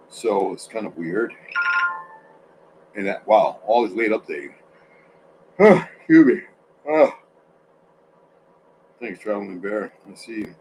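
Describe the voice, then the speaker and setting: A sleepy man hosts a casual livestream from his home, yawning and rambling through his thoughts with many restarts. His voice sits low. A faint background hiss runs under his talk. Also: darkish tone, poor audio. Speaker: livestream host.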